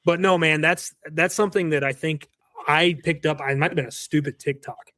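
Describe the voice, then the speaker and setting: A man in his thirties, a roofing business owner, chatting as a podcast guest in an earnest, animated way with frequent restarts. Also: fairly high pitch, normal speed, no room sound. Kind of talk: casual podcast chat.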